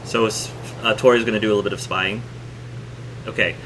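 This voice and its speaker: Brief: halting, low-pitched male game master narrating a tabletop session over a noisy hum. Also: fairly even intonation, fairly bright tone. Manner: halting, many ums and restarts.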